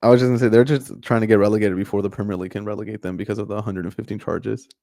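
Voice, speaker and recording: A man's voice: fairly low pitch, flat delivery, very fast, creaky, dark tone, dry recording, studio quality. A man co-hosting a podcast, chatting casually about football in a jokey, rambling way. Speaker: podcast co-host.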